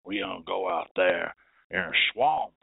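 Brief: man playing a swaggering backwoods conjure man, drawn-out and sly, on a tinny dry line. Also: deep voice, lively intonation, gravelly, slightly rough, no echo, voice pushed down, full character voice. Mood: boastful. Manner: drawn-out, swooping down to a whisper. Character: drawling country hoodoo man, boastful, secretive. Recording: dry tinny phone-like sound.

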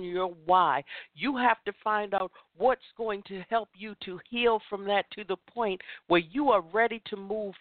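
A woman's voice: medium pitch, no echo. Impassioned woman over a tinny phone line. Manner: impassioned, emphatic, repeats phrases for force. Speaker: host of a women's chat show. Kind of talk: motivational talk.

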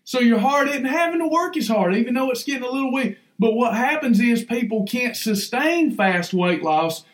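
Man, emphatic folksy preacher, high voice, roomy echo. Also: animated, normal speed, hardly any pauses. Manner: folksy, emphatic, repeats lines for effect. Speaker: podcast host. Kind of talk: fiery preaching on weight loss.

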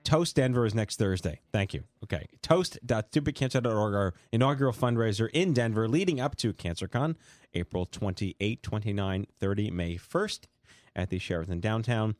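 A man with a New York accent hosting a casual talk show, rambling and joking through quick asides. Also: lowish voice, expressive, no room sound, clean studio sound. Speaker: show host. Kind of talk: casual talk-radio banter.

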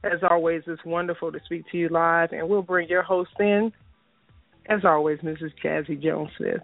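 A man reading a slow, measured opening announcement for a live internet radio show. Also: fairly high pitch, flat delivery, creaky, no echo, faint music behind. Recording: phone-line quality, dry.

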